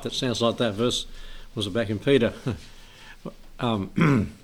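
A man's voice: on the low side, slow. A man leading an informal Bible study, rambling, chuckling often and reading scripture aloud.

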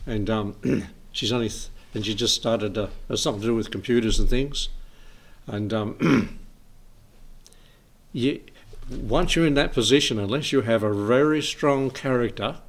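A man's voice: mid-range voice, measured pace. A man leading an informal Bible study, rambling, chuckling often and reading scripture aloud.

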